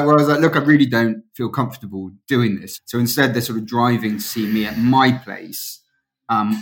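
A man's voice: mid-range voice, fairly bright tone. A man hosting a podcast interview, wry and jokey, swearing casually as he chats. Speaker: podcast host.

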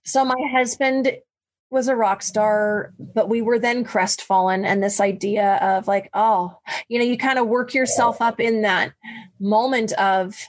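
A woman telling a personal story in a casual, animated way, laughing and jumping up high when she quotes her own thoughts. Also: measured pace, low-quality recording. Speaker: guest sharing adoption story.

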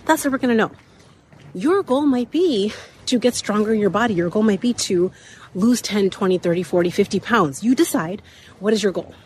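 A woman in her thirties hosting a motivational talk while walking uphill outdoors, a bit out of breath, her voice slightly raspy, repeating key points and laughing often. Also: medium pitch, lively intonation, moderate pace, a little mellow, a little hiss or hum. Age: 30s. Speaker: podcast host.

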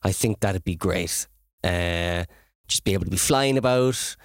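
A man's voice: sits low, a little slow, clear, resonant tone, dry recording, clean studio sound. A man chatting casually and explaining things with enthusiasm. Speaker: podcast co-host. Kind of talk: casual chat.

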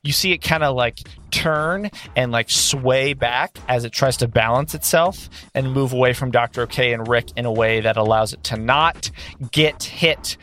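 A man's voice: medium pitch, moderate pace, fairly bright tone. A man running a tabletop game as game master, narrating the action and teasing his players.

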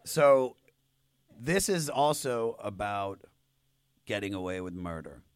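A man's voice: on the low side, expressive, takes it slowly, smooth, dry recording, soft background music. A man hosting a live podcast on stage, reading out song background and teasing his guest. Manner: reads out song facts, then teases the guest. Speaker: podcast host. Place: live stage in front of an audience.

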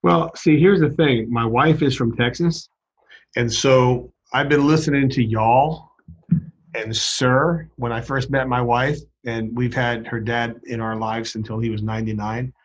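A man's voice: mid-range voice, steady tone, measured pace, husky, muffled recording. A man with a Brooklyn accent, co-hosting a podcast in casual, chatty conversation. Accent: Brooklyn New York. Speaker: co-host.

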